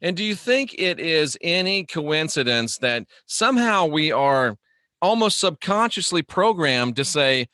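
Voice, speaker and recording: A man's voice: fairly high pitch, very animated, a little slow, pushed and bright, dry recording, studio quality. A man hosting a casual livestream monologue, rambling and joking as he answers viewer comments. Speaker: host.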